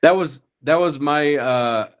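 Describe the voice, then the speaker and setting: A man's voice: fairly high pitch, slow, clear, resonant tone. A man co-hosting a film podcast, musing in a meandering, reflective way. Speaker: podcast co-host. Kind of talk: casual film discussion.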